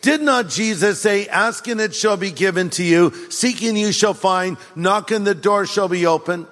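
Animated preacher man, echoing. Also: high voice, moderate pace, faint music behind. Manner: animated preaching, acts out quoted voices. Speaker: pastor. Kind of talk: sermon.

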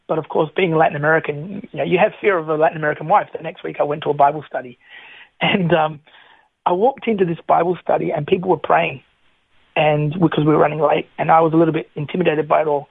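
A man's voice: fairly high pitch, quick pace, vocal fry, slightly rough, no room sound. A middle-aged man, telling his personal testimony as a guest, acting out the lines he quotes. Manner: animated storyteller, acts out quoted lines. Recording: tinny phone-line sound.

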